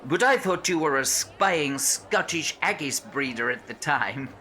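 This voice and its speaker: A man plays a bumbling young French valet in a comic radio play, his voice thick with a put-on French accent. He speaks slowly with a bright tone, his pitch bouncing all over. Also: lively intonation. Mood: flustered.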